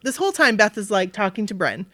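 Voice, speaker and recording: A woman's voice: mid-range voice, fast talker, dry recording. Chatty podcast co-host woman, dry sound. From Maine. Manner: animated storytelling with bright acted-out quotes. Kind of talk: casual chat.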